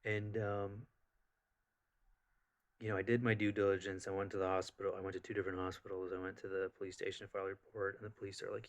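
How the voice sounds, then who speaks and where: Casual vlogger, man, lowish voice, rambling, animated storyteller. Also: fast talker. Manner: rambling, animated, full of fillers.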